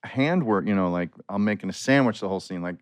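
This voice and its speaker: A middle-aged man, a comedic actor, talking relaxed and at length as a podcast guest. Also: on the low side, fast, clear, resonant tone, dry recording, clean studio sound. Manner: relaxed, explains at length with many "like" fillers. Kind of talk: casual chat.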